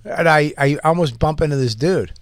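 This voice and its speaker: A man in casual chat, telling a story with excitement, acting out shouted exchanges and laughing often. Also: a little high, normal speed, no room sound. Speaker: podcast guest storyteller.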